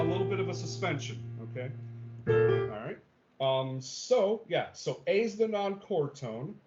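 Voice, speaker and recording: In an animated, slightly high voice at normal speed, a male teacher delivers an online music theory lecture. He breaks explanations into steps, peppers them with okays and ums, and checks that the class is following. Audio comes through a video call, dull and lo-fi.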